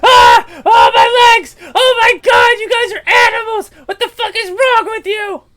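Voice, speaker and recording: A man's voice: very high-pitched, huge pitch swings, measured pace, bright, forceful tone, shouting, voice pushed up, exaggerated voice. A man doing a shrieking, panicked little orc. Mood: agonized. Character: panicked shrunken male orc, terrified.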